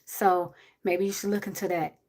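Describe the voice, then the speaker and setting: A woman's voice: on the low side, flat delivery, normal speed, darkish tone. A woman, giving blunt, preachy advice to a viewer on a casual livestream. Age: 40s.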